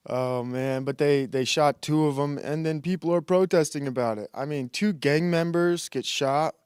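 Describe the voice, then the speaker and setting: A man's voice: mid-range voice, clean tone, dry recording, studio quality. A man hosting a comedy commentary show, ranting in a crude, sarcastic and rambling way, laughing and putting on mock voices. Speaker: host.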